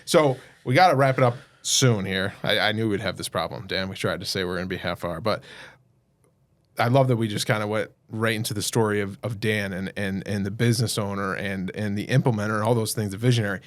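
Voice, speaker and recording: A man hosting a podcast interview, enthusiastic and warmly praising his guest before steering to the next topic. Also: fairly low pitch, a little fast. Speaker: podcast host. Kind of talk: casual interview talk.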